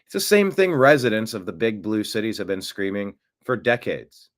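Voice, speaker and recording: A man hosting a solo political commentary show, talking off the cuff in a sarcastic, animated way and jumping his pitch up for mocking asides. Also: moderate pace, hardly any pauses. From United States.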